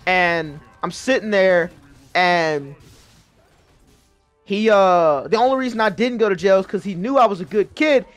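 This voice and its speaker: A man in his twenties with a strikingly high voice spins a personal story for friends in game voice chat. He is animated, laughs between lines and swears freely. He acts out what everyone said, and he is speaking into a headset. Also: measured pace, no room sound, faint music behind.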